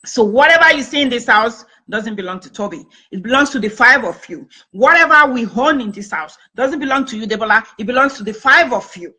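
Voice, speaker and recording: A woman's voice: on the high side, animated, brisk, sharp tone, poor audio. A middle-aged woman hosting a family talk show, telling a personal story emphatically and repeating phrases for effect. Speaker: host and family therapist.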